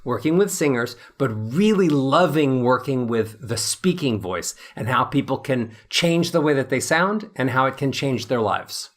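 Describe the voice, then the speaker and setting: A man's voice: mid-range voice, animated, a little slow, hardly any pauses. A man in his fifties, a voice coach, explaining with animation and acting out examples as an interview guest.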